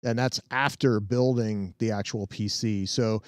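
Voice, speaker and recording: Upbeat man demoing tech, crisp dry voice. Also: fairly low pitch, steady tone, a little slow, no echo. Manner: chatty, upbeat, talks to viewers while working. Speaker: host and tech trainer. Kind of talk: casual live-stream tech demo. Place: home tech lab.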